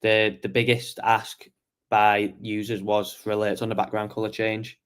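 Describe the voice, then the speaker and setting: A man's voice: lowish voice, level tone, normal speed, clear, resonant tone. A man hosting a casual market review stream, tired and yawning as he walks through charts and answers chat questions. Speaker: trading show host.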